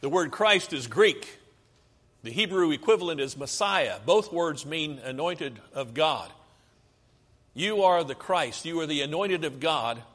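Male preacher, somewhat high voice, teaching a sermon with questions to the pews, long reverb of a church hall. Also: expressive, a little slow, a bit bright. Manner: asks the congregation questions and answers them himself. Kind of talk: sermon with slides. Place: church sanctuary.

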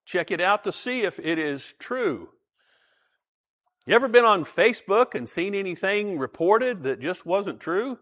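A male preacher delivering a conversational sermon, often pausing to question his listeners or slip in a joke. His voice sits fairly high and swings widely in pitch, giving it a very animated feel. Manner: conversational, asks the audience questions, tells jokes.

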